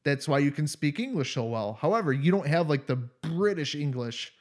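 A man's voice: a little high, animated, normal speed. A man co-hosting a casual video chat, joking and teasing his guests and laughing often. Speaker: podcast co-host. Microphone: video call.

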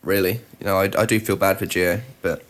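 A man with a fairly low voice, co-hosting a chatty podcast. He talks in a wry, self-deprecating way and often laughs mid-sentence. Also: fairly even intonation, fairly quick, fairly bright tone, slight background noise. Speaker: podcast co-host. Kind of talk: casual chat.

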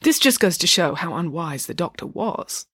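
A woman narrating a children's storybook in a wry, expressive way. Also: fairly low pitch, moderate pace, breathy edge, no echo. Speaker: audiobook narrator.

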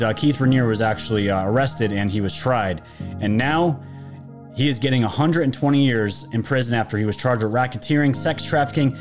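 A man hosting a live commentary stream, talking casually to his viewers and rambling with frequent restarts. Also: medium pitch. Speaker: political commentary channel host.

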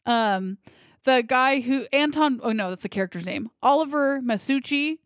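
A woman's voice: sits high, lively intonation, normal speed, no room sound. A woman co-hosting a podcast, chatting casually and rambling about movies, laughing easily. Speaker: podcast co-host. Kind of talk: casual movie-review chat.

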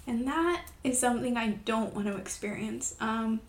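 A young woman talking on her own podcast in a personal, confessional way, emotional and halting, with many pauses and fillers. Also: on the high side. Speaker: podcast host. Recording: echoey room.

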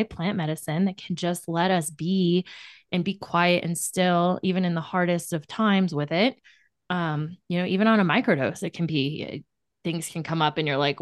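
Low-voiced chatty podcast host woman. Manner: rambling, many fillers and restarts. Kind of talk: casual conversational interview.

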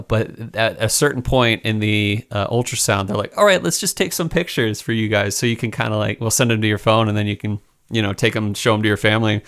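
A man's voice: lowish voice, fairly bright tone, smooth. A young man co-hosting a podcast, chatting in an upbeat way and laughing often as he talks. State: expecting father. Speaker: podcast co-host. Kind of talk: casual chat.

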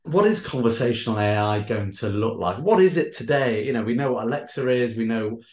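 A man's voice: medium pitch, expressive, brisk, darkish tone. A man hosting a podcast, asking long questions and repeating words as he searches for phrasing. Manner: hesitant, repeats words while framing questions. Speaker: podcast host. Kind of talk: interview questions. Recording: roomy echo.

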